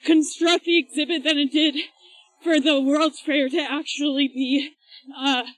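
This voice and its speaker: Woman podcast co-host, high voice, dry close sound, chatty explainer recorded on a run. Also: fairly even intonation, unhurried, no room sound, low-quality recording. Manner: chatty, explains at length with laughs. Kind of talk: casual chat while running. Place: outdoors, on a run.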